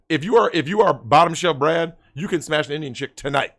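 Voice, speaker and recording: Man, podcast guest, loud and brash, crude banter, raised pitch with a bright, edgy tone. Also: lively intonation, quick pace. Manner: loud, brash, exaggerated rants.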